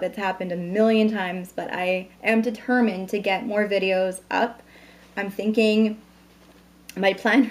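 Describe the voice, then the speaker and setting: A woman in her thirties chatting at home into a camera mic, bubbly and talkative, introducing products and a new baby. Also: medium pitch. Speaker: beauty vlogger. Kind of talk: casual vlog chat.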